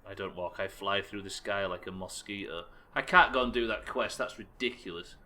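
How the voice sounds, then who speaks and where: An English-accented streamer rants sarcastically through his gameplay, swearing freely. His voice is bright and forceful. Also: on the low side, fairly even intonation, normal speed. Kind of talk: live gameplay commentary.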